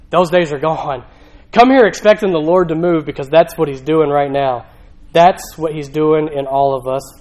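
A man's voice: fairly high pitch, normal speed, a little mellow, low-quality recording. A male pastor preaching a sermon in a church, talking conversationally with rhetorical questions and emphatic repetition.

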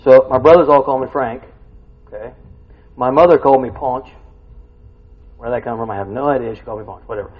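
Folksy man preaching, husky voice. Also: fairly quick, pauses often. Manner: folksy, asks the listeners questions; swells loud and high when excited. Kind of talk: conversational sermon. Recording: dull lo-fi recording.

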